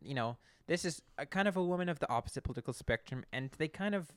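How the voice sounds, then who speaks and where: A man co-hosting a casual podcast, eager and animated, often jumping in with questions. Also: on the high side, fast talker, clear, resonant tone, no room sound. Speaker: podcast co-host. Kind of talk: casual chat.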